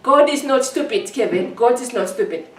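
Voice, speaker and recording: A woman's voice: fairly high pitch, animated, normal speed, roomy sound, recorded from a distance. A woman giving an emotional personal account in an interview, hurt and indignant, often repeating herself.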